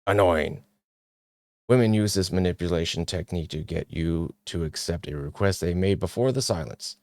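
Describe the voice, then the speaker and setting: A man's voice: low-pitched, normal speed, darkish tone, no echo. A male podcast host reading points off a list and reacting with sarcastic, mocking asides.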